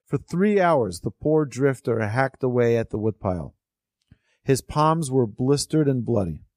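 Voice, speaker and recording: A man's voice: medium pitch, lively intonation, a little slow, darkish tone, no echo, clean studio sound. A religious teacher telling a parable and explaining it to his weekly class in an earnest, discursive way. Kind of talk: storytelling lesson.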